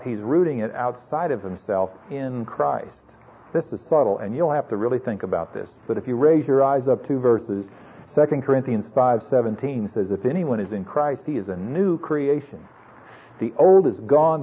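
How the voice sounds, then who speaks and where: A man's voice: mid-range voice, dark tone, husky. A man from the United States preaching an earnest, conversational sermon full of rhetorical questions, in a dull lo-fi recording. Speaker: pastor.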